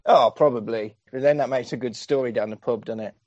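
A man's voice: mid-range voice, darkish tone, no echo, muffled recording. A man co-hosting a podcast, casually and swearily recapping a film's scenes with a joking tone. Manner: sweary, jokey, retells scenes with quick put-on quotes. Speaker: podcast co-host. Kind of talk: casual film recap chat.

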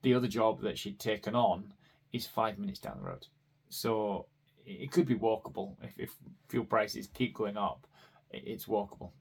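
A man's voice: lowish voice, normal speed, vocal fry, a little mellow, slightly rough. A man, hosting a podcast and telling personal stories in a rambling way with self-deprecating asides. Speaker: podcast host. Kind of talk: casual personal storytelling.

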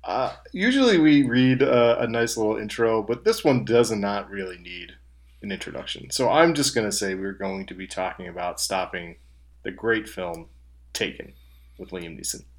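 A man's voice: lowish voice, expressive, normal speed. A man co-hosting a casual podcast, teasing his partner in a playful way. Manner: playful, teasing, fond of big claims. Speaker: podcast co-host.

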